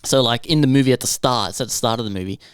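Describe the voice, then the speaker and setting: A man's voice: medium pitch, very fast, clear, resonant tone, no echo, studio quality. A man, co-hosting a podcast and chatting casually in a loose, rambling way with plenty of swearing. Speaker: podcast co-host. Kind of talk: casual chat.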